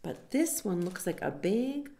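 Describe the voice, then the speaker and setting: A woman reading a picture book aloud to children, gently stopping to explain words and point at the pictures. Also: medium pitch, sing-song, measured pace. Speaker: storytime reader. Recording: echoey room.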